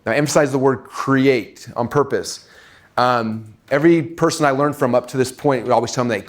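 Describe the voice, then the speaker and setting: A man with an American accent giving a live seminar talk to an audience in a fast, casual way, full of "like" and "right?". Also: mid-range voice. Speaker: speaker teaching marketing to an audience.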